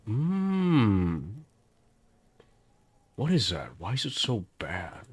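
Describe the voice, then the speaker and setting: Laid-back low-voiced man playing a game. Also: wildly swooping pitch, drawn-out words, husky. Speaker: let's play host. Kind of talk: casual gameplay chat.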